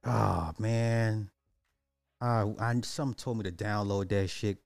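A man, ranting in casual commentary, loose and animated, swearing and repeating himself. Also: on the low side, takes it slowly, creaky, no echo, faint music behind.

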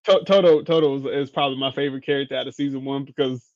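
A man co-hosting a podcast in casual chat, slangy and quick, with a deadpan way of telling stories. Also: mid-range voice, highs cut off. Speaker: podcast co-host.

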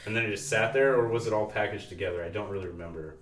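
A man's voice: on the low side, racing, far from the mic, a little hiss or hum. A young man co-hosting a podcast tells stories in a loose, swear-heavy way. His voice sits back from the mic in a roomy, echoing space. He chats casually with a friend. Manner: swears a lot, storytelling with laughs. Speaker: podcast co-host. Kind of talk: casual chat.

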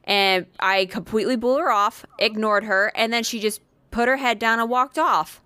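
A woman's voice: a little high, moderate pace, bright, forceful tone, smooth, dry recording. Blunt, swearing woman telling a story. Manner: blunt, swears often, acts out quotes. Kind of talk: casual storytelling chat.

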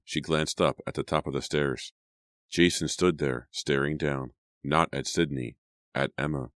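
A man narrating a teen horror audiobook in a steady, dramatic storytelling manner. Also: a bass voice, dry recording, clean studio sound.

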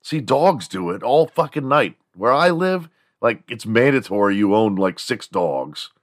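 Speaking a little slowly in a lowish, very animated voice, a podcast host rambles through a profane, casual comic rant. He acts out other people's voices in bursts now and then, and the recording is dry with clean studio sound.

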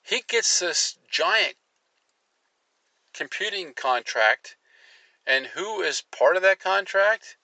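A man's voice: sits high, expressive, slow pace, long pauses, pushed and bright, no room sound, low-quality recording. A man hosting an opinionated commentary show, reading articles aloud and cutting in with sarcastic asides, his voice jumping up when he gets worked up.

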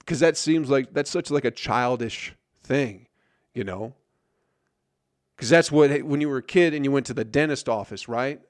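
A man's voice: medium pitch, normal speed, no room sound, studio quality. A man hosting a solo podcast, ranting in a grumpy, sarcastic, profane way. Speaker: podcast host.

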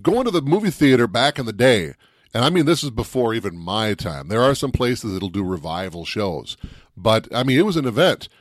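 A Midwestern man co-hosting a movie podcast, chatting in an animated, playful way. His voice sits at an ordinary middle pitch. It is recorded close and dry, with no room sound. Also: fairly quick, no room sound. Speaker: podcast co-host. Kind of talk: casual chat.

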